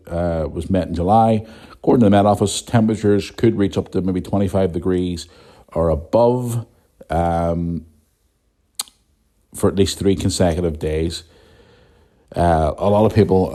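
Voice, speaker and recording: A man's voice: low-pitched, mellow. Sweary Northern Irish man ranting. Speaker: podcast host. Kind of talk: casual ranting monologue.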